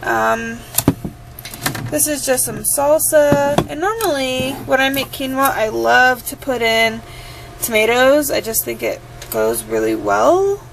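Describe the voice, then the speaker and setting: A woman's voice: high voice, big pitch swings, slow pace, gravelly, background noise. A woman chatting casually through a home cooking tutorial, with plenty of ums. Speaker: home cook.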